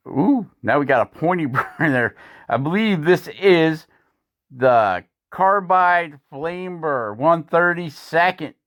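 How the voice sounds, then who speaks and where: A man's voice: medium pitch, fairly bright tone, clear, resonant tone. Folksy man narrating his woodcarving. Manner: folksy, rambling, chuckling. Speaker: woodcarving channel host. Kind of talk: voice-over narration of a carving video.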